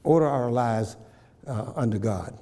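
A man's voice: medium pitch, expressive, measured pace, gravelly, mellow, big-room sound. A man preaching a sermon, repeating phrases and checking in with his congregation. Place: church.

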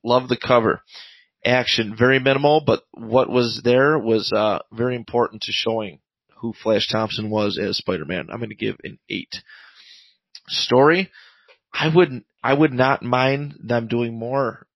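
A man's voice: medium pitch, measured pace, no room sound, lo-fi sound. A man co-hosting a podcast, casually recapping a comic book in a rambling way full of fillers. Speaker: podcast co-host reviewing comics.

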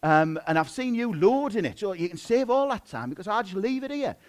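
A man voicing a lazy, oblivious young husband in a story told during a sermon, speaking in a hushed, conspiratorial way. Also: sits high, very animated, normal speed, voice pushed up. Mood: amazed.

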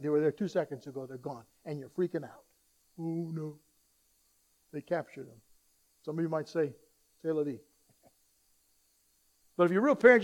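With a high voice, a male pastor alternates between urgent, loud pleas and quiet asides as he preaches. He performs the voices of those he quotes and leads the congregation in repeating his lines.

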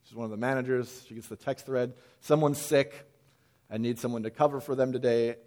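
A man's voice: medium pitch, brisk. A man preaching a casual sermon, talking conversationally and acting out quoted voices with frequent restarts. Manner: conversational, animated quoting with repeated restarts. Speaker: pastor.

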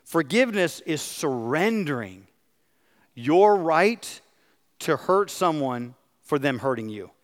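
A man's voice: a little high, very animated, slow. A middle-aged man, a pastor, preaching a sermon and asking his congregation questions. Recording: long hall reverb.

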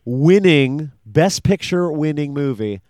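A man co-hosting a podcast in casual chat, rambling and animated as he recaps a cartoon. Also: a little high, normal speed, no echo. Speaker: podcast co-host.

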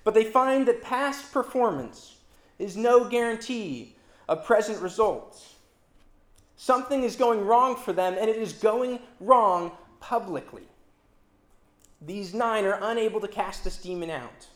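A preacher giving a sermon in an expressive, emphatic manner, with dramatic swings between loud and soft delivery. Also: mid-range voice, a little slow. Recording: roomy echo.

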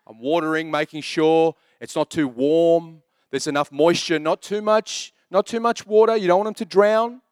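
A man's voice: on the high side, steady tone, normal speed, hardly any pauses, clear, resonant tone, no room sound, clean studio sound. A man in his thirties preaching a sermon as pastor, telling jokey stories in a chatty way. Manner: chatty, joking storyteller.

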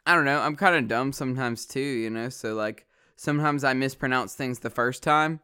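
A man's voice: medium pitch, pushed and bright, smooth. A young man, rambling casually as a vlogger, swearing often and filling gaps with ums and likes. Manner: swears a lot, rambling with many fillers.

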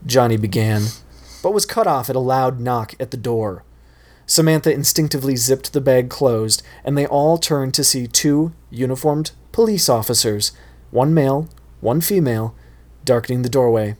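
A man reading his own fan fiction aloud in a relaxed, casual way. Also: medium pitch, moderate pace.

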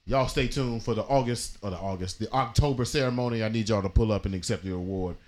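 A man hosting a casual live-stream chat, animated and dramatic, laughing often. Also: fairly low pitch, fast. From Dayton, Ohio family. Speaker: host.

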